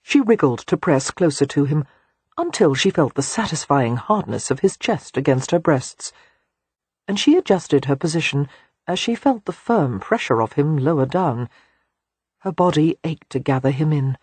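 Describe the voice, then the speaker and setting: A man narrating a romance audiobook in an expressive storytelling manner. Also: on the high side, normal speed, slightly rough, no room sound.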